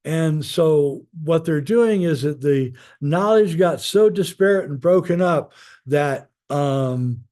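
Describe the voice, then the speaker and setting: A man, a guest author, talking in a rambling, casual way with many pauses and fillers while telling stories. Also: a little high, mellow. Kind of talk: casual spoken storytelling.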